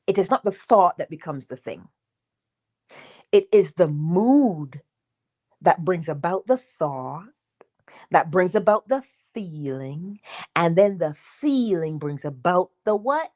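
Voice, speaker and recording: Lively, expressive woman teaching on a livestream. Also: on the low side, takes it slowly, long pauses. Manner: emphatic, conversational, asks the audience questions; acts out little dialogues with herself. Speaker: spiritual teacher hosting a morning livestream. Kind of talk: live-stream teaching talk.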